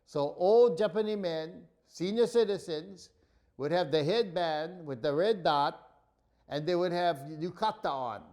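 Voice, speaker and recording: Animated Hawaiian comic storyteller, high voice. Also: male voice, a little slow. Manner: animated storyteller, pidgin-flavored phrasing. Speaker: comedian.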